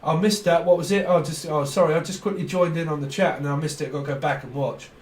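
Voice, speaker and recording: A man's voice: a little high, expressive, a little fast, darkish tone, distant mic, a little hiss or hum. A man giving a casual tarot reading, rambling and acting out imagined conversations with frequent laughs. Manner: rambling, acts out imagined dialogue, laughs often. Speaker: tarot reader. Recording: echoey room, speaker away from the mic.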